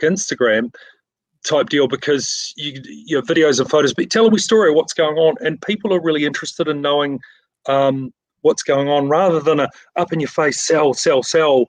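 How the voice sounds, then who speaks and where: A man's voice: a little high, no room sound, low-quality recording. A middle-aged man with a New Zealand accent, a frame shop owner talking casually in an interview over a video call, modest and rambling with many fillers and restarts.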